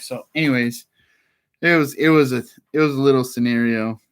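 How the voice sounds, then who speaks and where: A man speaking at a middle pitch tells stories about serving legal papers in a loose, meandering way. He drops in "like" again and again and keeps an easygoing, offhand tone. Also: normal speed, slight background noise. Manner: laid-back, rambling, heavy "like" fillers. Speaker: process server. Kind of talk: casual storytelling.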